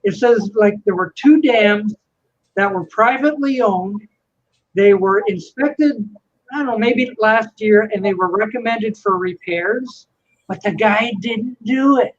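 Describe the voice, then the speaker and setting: A man's voice: sits high, measured pace. Male host, casual chat, rambling with fillers, muffled lo-fi call sound. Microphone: video call. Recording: dull lo-fi video call audio.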